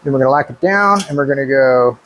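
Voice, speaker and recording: A man casually talking through his truck build in a workshop, relaxed and thinking aloud as he works. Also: mid-range voice, quick pace, a little hiss or hum. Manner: relaxed and hands-on, thinking aloud while working. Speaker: car builder and channel host. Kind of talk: casual shop talk explaining a build.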